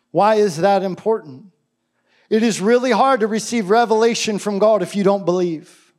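A man preaching a sermon in a casual, enthusiastic way, with quick asides and restarts. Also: high-pitched, darkish tone. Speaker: pastor.

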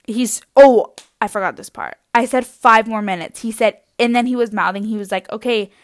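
A young woman telling a comic anecdote in an animated, exaggerated way. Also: a little high, normal speed, dry recording. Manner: animated, exaggerated, laughing through lines. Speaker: storyteller.

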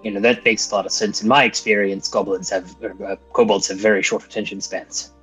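A man playing a character in a tabletop game, speaking haltingly. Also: on the low side, steady tone, a bit bright, slightly rough, faint music behind, poor audio. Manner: halting, hesitant. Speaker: player.

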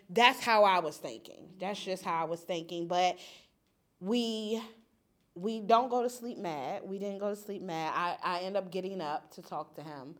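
Young woman in a support-group circle, emphatic and lively personal storytelling. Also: fairly low pitch, normal speed. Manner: animated, emphatic, laughs often. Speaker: group participant sharing a story.

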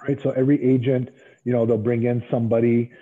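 Husky male guest, middle-aged, lively storyteller, thin phone-like sound. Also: mid-range voice, fast. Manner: animated storyteller acting out other people's lines. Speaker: interview guest. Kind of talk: casual storytelling interview. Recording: tinny phone-like line.

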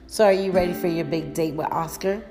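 A woman's voice: fairly low pitch, fairly quick, over music, lightly acted. A woman voicing a bubbly, teasing young female roommate in a read-aloud story.

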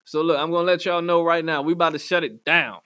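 A man hosting a podcast, telling crude comic stories in an animated way, swearing freely and laughing often. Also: on the high side, fast, clear, resonant tone. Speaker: podcast host. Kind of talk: crude comedic storytelling. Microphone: studio podcast mic.

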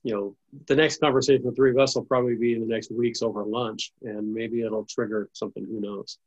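A man's voice: lowish voice, little pitch movement, brisk, highs cut off. A man hosting a podcast interview, earnest and open about getting emotional as he wraps up. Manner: warm, earnest, gets emotional. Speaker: podcast host. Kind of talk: casual interview chat.

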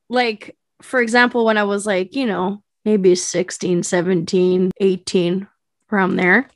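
A Canadian woman co-hosting a podcast, chatting casually with quick exclamations. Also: mid-range voice, no room sound, clean studio sound. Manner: exclamatory and expressive. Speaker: podcast co-host. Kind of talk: casual chat.

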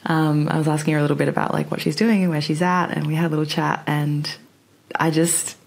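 A woman's voice: sits low, flat delivery, rapid-fire, gravelly, darkish tone. A young woman hosting a podcast from her bedroom floor, chatting casually with lots of fillers and giggles. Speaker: podcast host. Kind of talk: casual chat.

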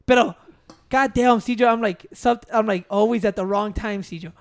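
A man's voice: high-pitched, moderate pace, vocal fry. A man telling stories in casual chat, rambling and profane. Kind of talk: casual chat, mixing Spanish and English.

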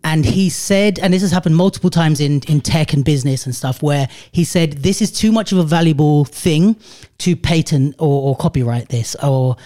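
Male podcast host, fairly high yet mellow voice, rambling casual chat with restarts. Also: normal speed. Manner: rambling, thinks aloud with many restarts.

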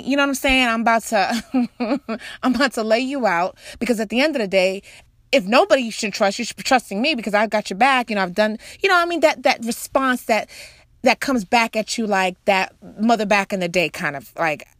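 A woman's voice: fairly high pitch, animated, moderate pace, no room sound. Chatty woman telling a faith story, dry sound. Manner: chatty, rambling, full of "you know" asides. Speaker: mother sharing a faith talk. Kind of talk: casual faith-based storytelling.

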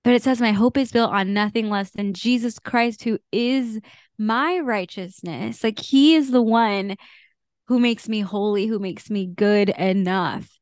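A woman's voice: medium pitch, measured pace, no room sound, clean studio sound. A woman co-hosting a faith podcast, talking in an earnest, confessional way with fillers and small laughs. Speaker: podcast co-host. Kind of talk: casual faith chat.

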